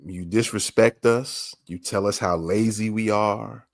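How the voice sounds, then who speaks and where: A man's voice: fairly low pitch, steady tone, a little slow, creaky, no echo, studio quality. A man hosting a podcast, commenting on a clip with emphatic, repeated rhetorical questions. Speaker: podcast host.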